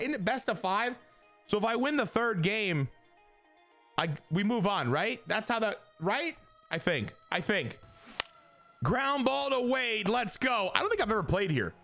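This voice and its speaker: A high-voiced young man with a wildly lively delivery, riffing over a video game as he plays. He cheers his players on, mocks his own mistakes and chats straight to his viewers. Faint game music runs underneath. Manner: excitable, self-mocking, talks to the game and chat. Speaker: gaming YouTuber. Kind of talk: casual gameplay commentary.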